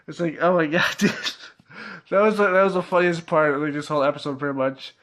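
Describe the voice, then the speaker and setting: A man's voice: on the high side, steady tone, fast talker, fairly bright tone. Chuckling young man with a raised voice. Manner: laughs often, swears, many fillers. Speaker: TV episode reviewer. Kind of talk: casual video review.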